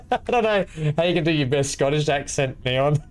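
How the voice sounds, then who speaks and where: A man streaming a multiplayer game from home, excitable and chuckling as he plays and chats. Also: a little high, normal speed. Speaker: gaming streamer. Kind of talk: casual multiplayer gameplay chat. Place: home room.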